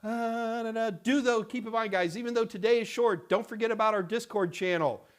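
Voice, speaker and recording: A middle-aged man hosting a casual live-stream Q&A, talking in a rambling, halting way with many fillers and restarts. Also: sits high. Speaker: host answering viewer questions.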